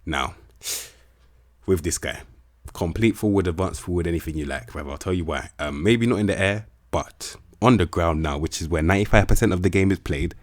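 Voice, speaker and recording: Young lad, really low voice, loads of slang and swearing, rating players on his channel. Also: brisk, no room sound, clean studio sound. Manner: slangy, swears a lot, animated hype. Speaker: gaming video host. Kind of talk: casual game commentary.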